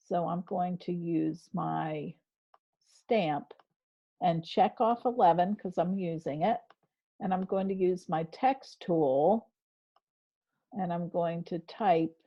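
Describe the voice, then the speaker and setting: A woman teaching a spelling class over a video call. She speaks slowly and gently, with a slightly low voice, encouraging her students and describing each step she takes on screen. The call audio is a bit dull. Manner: patient, encouraging, narrates her screen actions. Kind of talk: online class lesson.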